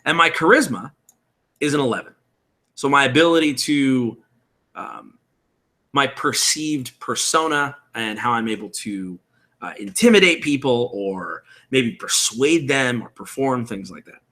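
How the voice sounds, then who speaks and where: Man, thirties, tutorial host, casual explainer, bright forceful voice. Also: mid-range voice, expressive, unhurried. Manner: casual, explanatory, reads chat aloud. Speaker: tabletop game host. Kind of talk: live-streamed tutorial chat.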